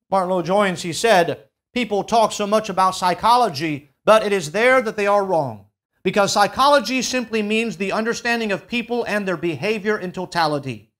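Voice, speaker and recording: A male pastor preaching a sermon in a church, swinging from loud, emphatic peaks to low, quiet drops and drawing out key words as he reads scripture. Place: church sanctuary.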